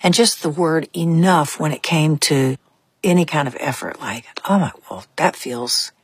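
A woman's voice: low voice, normal speed, husky, no room sound. An older woman, a musician guest, telling stories in a reflective, thinking-aloud way during a casual interview.

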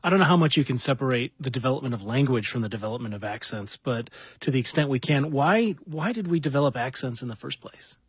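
Quick husky-voiced male radio host. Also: medium pitch, lively intonation, dry recording. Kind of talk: radio interview hosting.

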